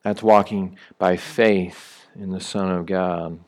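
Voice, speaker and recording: A man with a fairly low voice delivers a sermon in a relaxed, conversational way. He talks like he is chatting with his congregation, full of ums, uhs and restarted phrases. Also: slow. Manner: conversational preaching with many fillers and restarts; rises sharply when acting out calling someone back. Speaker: pastor.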